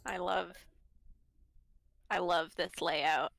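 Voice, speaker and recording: A woman co-playing on a live stream over an online call, talking slowly and haltingly with fillers and casual swearing. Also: medium pitch, bright, forceful tone, no echo. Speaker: co-player and fellow streamer. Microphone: home mic over an online call.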